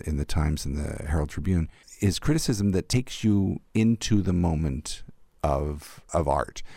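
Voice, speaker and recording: An older man, an arts critic, recalling theater memories in a thoughtful, animated interview. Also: low-pitched, gravelly, dry recording, clean studio sound. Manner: thoughtful, warmly animated storyteller. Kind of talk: reflective storytelling in an interview.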